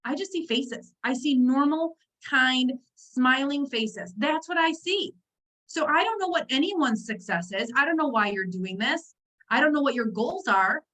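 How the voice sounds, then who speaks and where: A high-pitched woman leads a motivational team training over a video call. She talks in a chatty, animated way and keeps breaking off into asides to her listeners. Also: rough recording. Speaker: network marketing team trainer.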